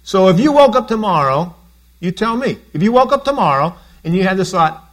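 A man's voice: high-pitched, sing-song, a little fast. A man preaching a conversational sermon as a pastor, often asking his congregation questions.

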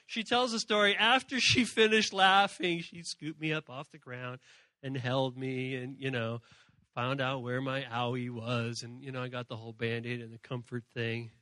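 A man giving an animated youth sermon, telling stories and acting out voices from shrieks to soft murmurs. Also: mid-range voice, moderate pace, dry recording. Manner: animated storytelling, acts out characters in shrieks and murmurs. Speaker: youth speaker.

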